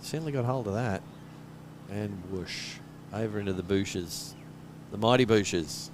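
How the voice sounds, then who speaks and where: A man's voice: lowish voice, measured pace. A man giving jokey, chatty live commentary at a local cricket match. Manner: jokey, chatty, laughs often. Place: outdoors at a cricket ground. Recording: outdoor stream with loud background noise.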